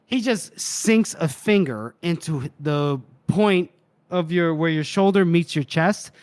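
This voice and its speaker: Male podcast co-host, a bit high-pitched, dry close sound, lively recap storyteller. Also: slow pace, no echo. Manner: retells scenes acting out character lines. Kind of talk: casual book recap chat.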